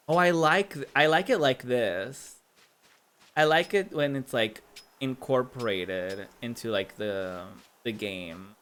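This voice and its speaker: Chatty man with a lively voice, streaming a game. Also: medium pitch, a little slow. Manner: chatty, filler-heavy, laughs often. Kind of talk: casual gameplay commentary.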